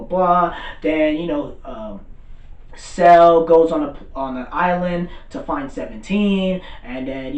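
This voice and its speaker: A man in a casual, excitable recap rant about an anime, rambling, swearing and filling gaps with "blah, blah". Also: on the high side. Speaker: anime commentator. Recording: roomy, far from mic.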